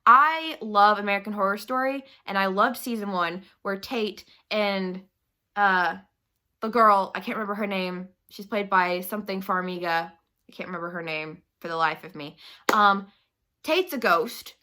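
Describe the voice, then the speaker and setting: Bright-voiced young woman ranting casually. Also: medium pitch, normal speed. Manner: chatty, swears freely, heavy use of "like". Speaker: book reviewer. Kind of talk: casual vlog rant.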